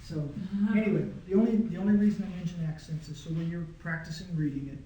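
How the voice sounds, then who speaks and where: A man's voice: fairly high pitch, fairly even intonation, fast, warm tone, highs cut off, a little hiss or hum. A man teaching a small Greek class in a casual, patient way, often checking that his students follow. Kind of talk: informal classroom lesson. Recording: echoey room.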